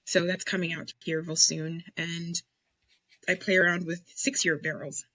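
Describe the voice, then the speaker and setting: A woman's voice: fairly low pitch, little pitch movement, moderate pace, sharp tone, highs cut off, a little hiss or hum. A woman guest on a casual podcast interview, talking emphatically and with enthusiasm about blending whiskey. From United States.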